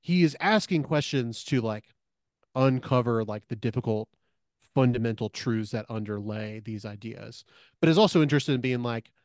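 A man's voice: medium pitch, normal speed, dry recording, clean studio sound. A man co-hosting a podcast, talking things through in a casual, thoughtful way with many fillers and restarts. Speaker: podcast co-host. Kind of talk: casual discussion.

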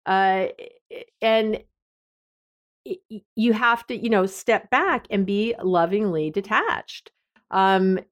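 A middle-aged woman hosts an advice podcast as a therapist. She speaks candidly and conversationally, with a self-deprecating streak. Her voice sits at an ordinary, mid-range pitch. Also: slow, pauses often.

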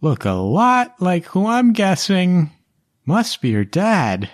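A man voicing a tiny, flustered, kindly halfling woman in a high squeaky voice. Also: huge pitch swings, takes it slowly, dry recording, studio quality, full character voice. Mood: anxious eager.

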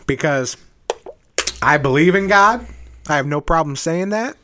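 A young man in casual argumentative banter, profane and animated, laughing often. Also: a little high, unhurried, a little hiss or hum.

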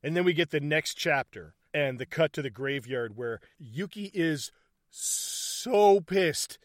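A man's voice: fairly high pitch, a little slow, no echo, clean studio sound. A man chatting casually about a film, swearing freely and acting out its lines. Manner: profane, animated, acts out scenes in quoted voices.

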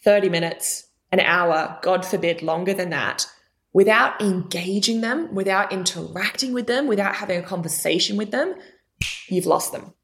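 A young adult woman appears as a guest coach in a podcast interview, animated and expressive, shifting her pitch for emphasis at a normal speed.

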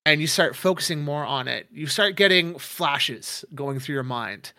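Gravelly game master, rambling narration. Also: male voice, fairly high pitch, measured pace, bright, forceful tone, no echo, clean studio sound. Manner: rambling, many fillers.

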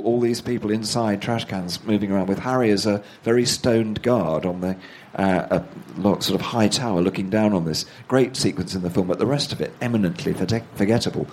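A fairly low, slightly mellow voice belongs to an author being interviewed, with slight background noise in the recording. His conversational storytelling style runs to long anecdotes, acted-out quoted voices, and laughter at his own stories.

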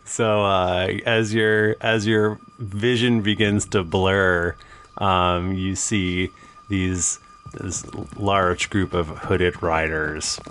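A man narrating as game master of a tabletop game, calm and halting with many fillers. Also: sits low, a little hiss or hum.

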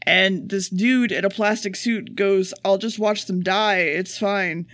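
Podcast co-host, man, high-pitched, dry close sound, sarcastic swearing recap. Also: fairly even intonation, a bit bright, dry recording. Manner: profane, sarcastic, rapid plot summary. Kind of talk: casual chat, episode recap.

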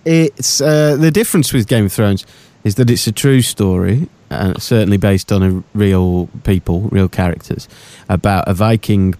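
A man co-hosting a podcast, chatting casually and animatedly about TV shows, jumping between thoughts with quick asides. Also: lowish voice, dark tone. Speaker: podcast co-host.

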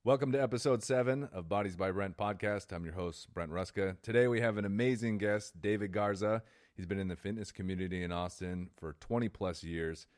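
A man's voice: fairly low pitch, fairly quick, dry recording. A man with a Texan accent hosting a podcast and interviewing a guest in an upbeat, enthusiastic way. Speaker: podcast host. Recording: dry, close mic.

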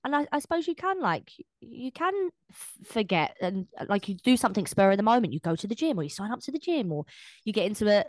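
A woman co-hosting a podcast in casual chat, animated, swearing freely and acting out what people say. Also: mid-range voice, quick pace, no echo. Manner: animated, swears, acts out quoted speech. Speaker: podcast co-host.

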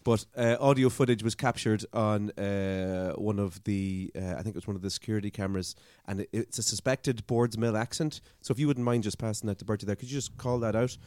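An Irish man co-hosting a podcast in casual chat, jokey and quick to laugh as he reads out news items. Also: fairly low pitch, fairly even intonation, darkish tone, no echo, clean studio sound. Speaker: podcast co-host.

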